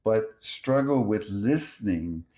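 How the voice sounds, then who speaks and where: A man explaining language differences in slow, deliberate scripted narration, reading out example phrases. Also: fairly low pitch, lively intonation, mellow. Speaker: language teacher.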